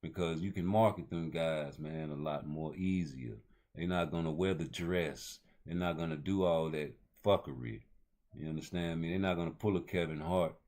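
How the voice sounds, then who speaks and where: Male host, very low voice, loose slangy boxing rant. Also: moderate pace, a little mellow. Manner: loose, rambling street talk with heavy slang. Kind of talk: casual boxing commentary.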